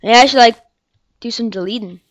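A woman's voice: on the high side, a little fast, no echo. A young woman commentating her own game, rambling and apologetic, and crying out in frustration when she loses. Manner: upset, cries out and shouts after dying. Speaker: gameplay channel host. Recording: dull lo-fi mic sound.

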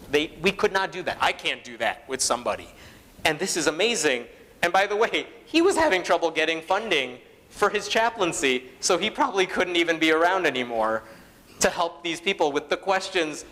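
A man's voice: fairly high pitch, fairly bright tone, long reverb tail. A man giving a conference talk to an audience, conversational, with fillers and quoted asides. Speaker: conference speaker. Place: conference hall.

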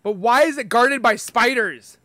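A man's voice: extremely high pitch, a little slow, bright, forceful tone, slight background noise. A man playing a horror game, giving jumpy, panicky commentary that swings into screams. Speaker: gaming YouTuber. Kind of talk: live gameplay commentary.

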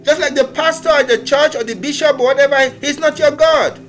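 A man hosting a ministry talk, preaching in an animated way and acting out the voices he quotes. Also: extremely high pitch, fairly quick, a little hiss or hum. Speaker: ministry host. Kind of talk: sermon-like conversation.

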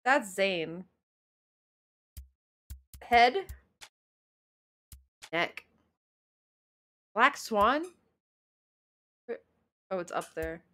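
A woman's voice: mid-range voice, lively intonation, drawn-out words, long pauses, a bit bright. A young woman streamer chatting playfully to herself and laughing often while playing a video game live.

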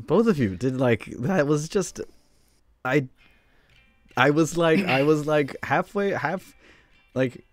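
A man's voice: fairly high pitch, lively intonation, slow, pauses often, dry recording, soft background music. A man hosting an improv game stream, talking in a casual, rambling way with frequent restarts and stumbles. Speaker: host. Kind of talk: casual chat.

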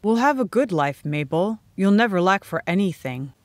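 A woman's voice: normal speed, no room sound, natural voice. A woman voicing an eager, earnest young man in an audiobook. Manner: steady, low-pitched storybook dialogue.

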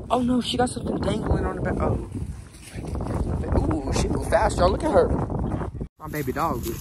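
Excitable young man vlogging outdoors. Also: high voice, moderate pace, long pauses. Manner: excitable, chatty, slangy. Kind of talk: casual vlog talk to viewers. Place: outdoors walking a dog in a park. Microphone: phone held in hand. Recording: outdoor phone audio with background noise.

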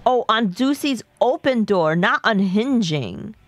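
Slow-talking woman streaming a game. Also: on the high side, lively intonation, no echo. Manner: chatty, talks to herself and chat while playing. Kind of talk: live game stream chat.

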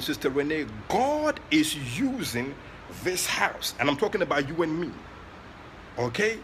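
A man with a Ghanaian accent preaching during an online prayer session, moving between soft asides and loud, passionate exclamations. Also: a little high, a little hiss or hum. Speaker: prophet leading online prayer. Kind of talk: sermon.

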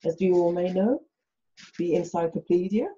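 A woman with an English accent speaking softly and hesitantly on a family video call from home late at night. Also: fairly low pitch, normal speed, slight background noise. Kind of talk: casual remarks on a video call. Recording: dull lo-fi video call audio.

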